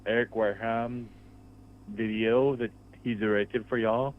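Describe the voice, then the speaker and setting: A laid-back man on a call, drawling slowly and letting his thoughts trail off. His voice comes through thin and tinny, squeezed down to phone quality. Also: fairly low pitch, steady tone, a little hiss or hum. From Texas. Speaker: caller. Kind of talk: casual call-in chat.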